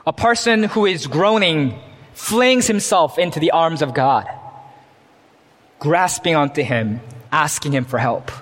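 A man's voice: a little high, animated, unhurried, a bit bright, long reverb tail. A man preaching a sermon as pastor, earnest, reading scripture with rising emphasis. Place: church.

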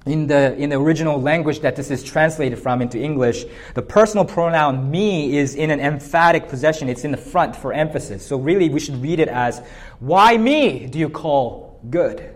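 A man's voice: a little high, a little fast, few pauses. A male pastor preaching an expository sermon, lifting his voice on emphatic points.

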